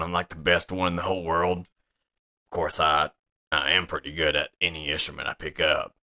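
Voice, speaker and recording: Man voicing a deep-voiced, arrogant show-off horn player in a homemade comedy bit. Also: bright, forceful tone. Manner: bragging, self-important. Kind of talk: homemade comedy audio skit.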